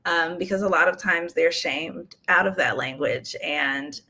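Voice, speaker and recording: A young adult woman from the US Midwest, an author chatting casually in an interview, relaxed and laughing often. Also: low voice, a little slow, slightly rough. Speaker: author guest.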